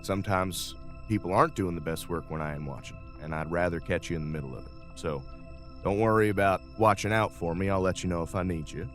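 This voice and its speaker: Genial, folksy captain in his seventies, as a man voices him; low, rambling. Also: fast talker, fairly bright tone, soft background music. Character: old male starship captain, genial and rambling.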